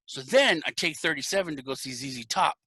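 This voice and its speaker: Bright-voiced guy swearing his way through a long story, dry close sound. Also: on the high side, animated, fairly quick, slightly rough, no echo. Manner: profane, rambling storyteller. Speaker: podcast host. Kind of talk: casual drunk chat with friends.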